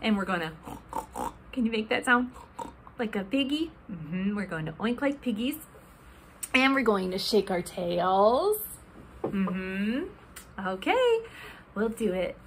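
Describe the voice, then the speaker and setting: A woman librarian leading a children's storytime, talking gently and asking the kids questions. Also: mid-range voice, big pitch swings, slow, long pauses, background noise.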